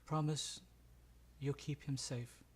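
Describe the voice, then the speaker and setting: A man doing a timid little girl in a tabletop role-play, pitched up high and pleading softly. Her voice rises gently at the ends of her lines. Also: fairly even intonation, slow pace, slight background noise. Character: small frightened girl clinging to a protector.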